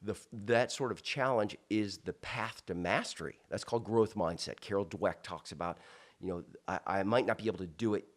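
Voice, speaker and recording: A man from South Florida, an interview guest, telling a personal story in an animated way with many restarts and asides. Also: lowish voice, moderate pace.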